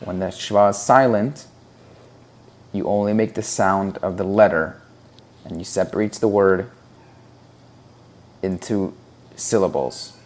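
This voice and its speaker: A man with a deep, low voice teaches a reading lesson at an unhurried, deliberate pace. He explains each rule patiently and breaks words into syllables, sounding them out one by one. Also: darkish tone. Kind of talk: slow, deliberate instructional explanation.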